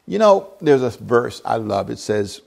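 A man preaching a sermon, animated and getting out of breath, swinging from loud bursts to quiet asides. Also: medium pitch, a little slow, vocal fry. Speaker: pastor.

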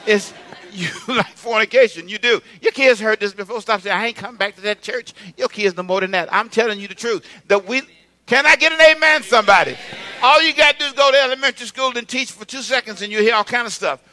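A man's voice: sits high, fast, pushed and bright. A male pastor preaching a sermon in a conversational way, calling on the congregation to repeat his words back. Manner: conversational preaching with call-and-response.

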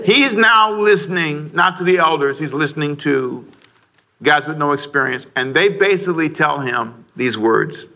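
A middle-aged man preaching a sermon to a congregation, lively and joking, rising to shouts. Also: fairly high pitch, moderate pace. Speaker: pastor. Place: church sanctuary before a congregation.

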